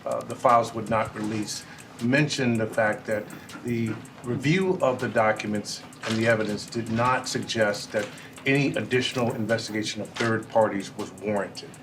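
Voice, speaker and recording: A man's voice: on the low side, fairly even intonation, moderate pace, background noise. Male reporter at a press event, formal, recorded from afar. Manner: formal, hesitant. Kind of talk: press conference question. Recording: distant mic with music over it.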